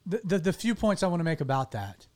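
A man telling a personal story to his interviewers in an earnest, halting way, often restarting his sentences. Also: fairly high pitch, very animated, a little mellow.

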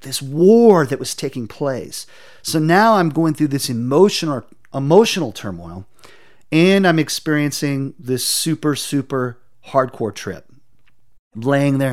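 Earnest man giving halting testimony. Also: mid-range voice. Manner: halting, repeats words while searching for them. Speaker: interview guest. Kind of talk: personal testimony in an interview.

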